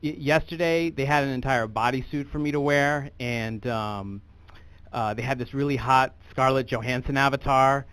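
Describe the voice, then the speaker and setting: Dry, deadpan American comic. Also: male voice, mid-range voice, moderate pace, smooth, no echo. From United States. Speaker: stand-up comedian. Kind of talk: stand-up comedy.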